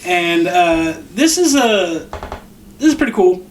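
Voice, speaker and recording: A man's voice: high-pitched, very animated, takes it slowly, reverberant, slight background noise. A man co-hosting a podcast, recapping a film scene by scene in casual chat, acting out the characters' lines and swearing freely. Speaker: podcast co-host.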